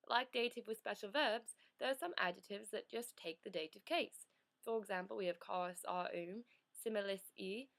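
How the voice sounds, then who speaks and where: A woman's voice: medium pitch, vocal fry, a bit bright. A teenage woman playing a teacher in a school project skit, lecturing in an exasperated way. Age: teens.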